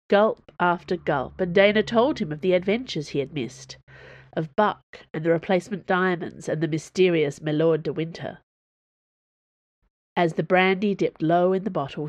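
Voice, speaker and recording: Woman narrating her own story for her podcast, lowish voice, dry close mic, steady expressive reading. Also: no room sound. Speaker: author reading own fiction, podcast host.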